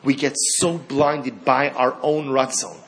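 A man teaching a Torah class, animated, asking rhetorical questions and acting out the lines of the story. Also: medium pitch, slow.

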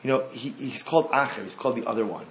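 A man giving an animated Torah talk. He repeats phrases and swings from hushed to loud. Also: mid-range voice, fast talker, slight background noise.

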